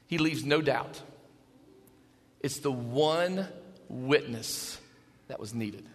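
A man preaching an Easter sermon in a church, animated, dropping to a hush and then rising to shouts. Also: fairly high pitch, slow pace, long pauses, husky, long reverb tail. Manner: animated, shifts between hushed and shouting. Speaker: pastor. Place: church sanctuary.

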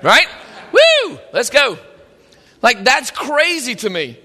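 A man preaching a sermon, retelling a story in an animated, conversational way. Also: very high-pitched, takes it slowly, breathy edge. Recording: long hall reverb.

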